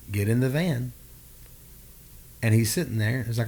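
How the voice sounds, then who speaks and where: A man co-hosting a podcast, telling a story in a casual, animated way and acting out the dialogue. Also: mid-range voice, moderate pace, long pauses. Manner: animated, acts out quoted dialogue. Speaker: podcast co-host.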